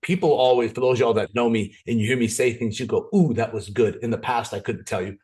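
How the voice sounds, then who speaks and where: Playful, energetic man leading a training. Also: medium pitch, fast talker. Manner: energetic, playful storytelling with many restarts. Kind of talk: motivational training talk. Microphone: video call.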